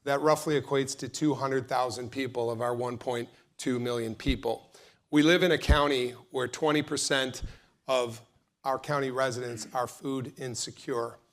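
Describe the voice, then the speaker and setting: A man's voice: medium pitch, steady tone, normal speed. A man, a county executive, giving earnest panel remarks to a large hall.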